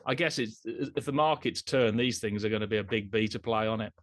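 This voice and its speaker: A man's voice: fairly low pitch, dry recording. Conversational male interviewer, dry sound. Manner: conversational, quick agreeing interjections. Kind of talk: investment interview.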